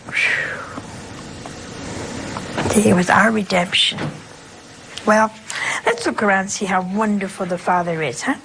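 A woman's voice: mid-range voice, fairly even intonation, measured pace, gravelly, long pauses, a bit bright, a little hiss or hum, poor audio. An older woman, a nun leading her sisters, giving a conversational religious talk and often asking her listeners rhetorical questions. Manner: chatty, keeps checking in with rhetorical questions.

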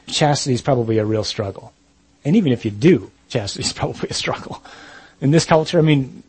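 A man's voice: on the high side, a little mellow, slightly rough, no room sound, poor audio. A Catholic priest giving a talk, earnest and blunt, speaking straight to his listeners and mixing in joking asides. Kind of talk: sermon-style talk on chastity.

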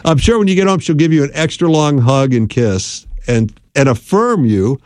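A man's voice: on the high side, animated, normal speed, darkish tone, no echo. A middle-aged man hosting a casual radio show, a marriage counselor who rambles in a folksy way and repeats words for emphasis. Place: radio studio.

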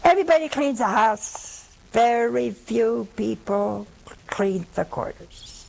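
A woman's voice: on the high side, lively intonation, slow, gravelly, darkish tone, a little hiss or hum, rough recording. A woman giving a conversational Catholic religious talk, telling humorous stories and asking her listeners rhetorical questions.

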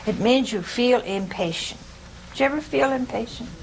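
A woman's voice: fairly high pitch, normal speed, creaky, a little hiss or hum, rough recording. Chatty woman teaching scripture to a group. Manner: conversational, keeps asking "See?" and questioning listeners; homespun humor, laughs at her own jokes. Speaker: religious teacher.

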